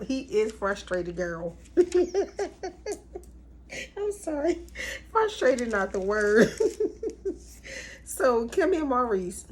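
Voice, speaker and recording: A woman's voice: a little high, lively intonation, slow, pauses often. Chatty woman doing a playful TV recap. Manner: chatty and playful, with slangy asides and frequent laughs. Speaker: TV recap vlogger. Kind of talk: casual reality TV recap.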